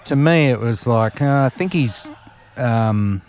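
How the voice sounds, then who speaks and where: A man's voice: medium pitch, expressive, takes it slowly, a little mellow, smooth. A man, a former racing driver, telling long anecdotes as a podcast guest, with many fillers and restarts. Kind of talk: casual storytelling interview.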